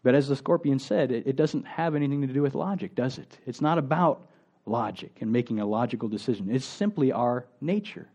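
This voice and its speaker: Conversational male pastor, mellow voice. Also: medium pitch, brisk. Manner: conversational, asks the congregation rhetorical questions. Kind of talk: sermon.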